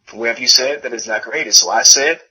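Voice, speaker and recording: A man's voice: mid-range voice, pushed and bright, slightly rough, rough recording. A man giving a religious lecture, reading a text aloud and translating it, often repeating and correcting himself. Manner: halting, self-correcting, repeats phrases while translating.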